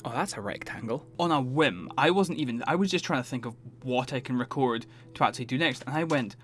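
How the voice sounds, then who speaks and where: A man's voice: medium pitch, fairly quick, a bit bright, faint music behind. A man giving let's play commentary, talking to himself and mocking his own mistakes in an exasperated, self-deprecating way. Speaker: gaming YouTuber.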